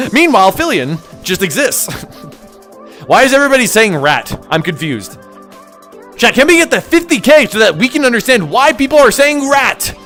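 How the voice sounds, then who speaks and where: A young man live-streaming and chatting with his viewers, loud and excitable, joking at his own expense and bursting into yells. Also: very high voice, moderate pace, long pauses, faint music behind. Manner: joking, self-mocking banter with chat. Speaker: livestreamer.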